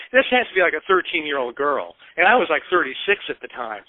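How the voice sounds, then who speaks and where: A Midwestern man in his fifties, from Peoria, Illinois, tells lively stories as a guest on a talk show, imitating the people he quotes. His voice is somewhat high for a man and fairly quick. The recording is thin and phone-like, dry and close, with no sense of a room.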